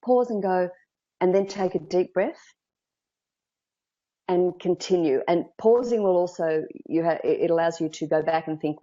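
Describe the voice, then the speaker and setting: A woman with an Australian accent, a public speaking coach giving lively, emphatic advice in an interview over a video call. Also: lowish voice, moderate pace, lo-fi sound. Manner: lively, emphatic, acts out quoted thoughts.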